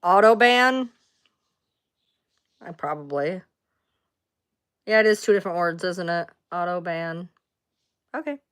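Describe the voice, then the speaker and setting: A woman with a lowish, smooth, clear voice chats casually on her livestream. She rambles from one thing to the next, responds to viewers' comments and drops the odd swear word. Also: moderate pace, pauses often. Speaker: livestream host.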